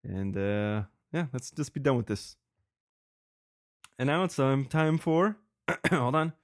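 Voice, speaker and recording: A young man rambles through his solo podcast, cursing freely and laughing at his own asides. His voice sits at an ordinary middle pitch. It is recorded dry and close, with no room sound. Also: expressive, slow, dry recording. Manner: profane, rambling, laughs often. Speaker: podcast host. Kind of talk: casual solo podcast talk.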